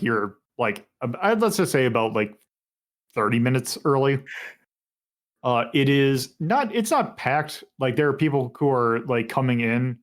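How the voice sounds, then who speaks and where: A man narrating as game master of a tabletop game in a halting, meandering way. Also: mid-range voice.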